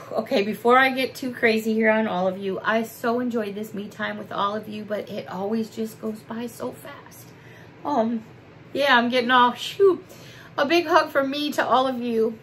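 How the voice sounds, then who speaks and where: A middle-aged woman talks through a home haul vlog in a warm, chatty way, gushing and emotional. Her voice sits a little high, and a faint background hum runs under it. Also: steady tone, normal speed, low-quality recording. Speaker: vlogger. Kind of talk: casual haul vlog chat. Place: home, at a desk.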